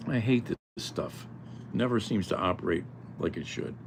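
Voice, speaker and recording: A man's voice: on the low side, moderate pace. A man vlogging his day at home, talking to himself while he cooks and does chores. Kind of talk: casual daily vlog. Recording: noisy room ambience.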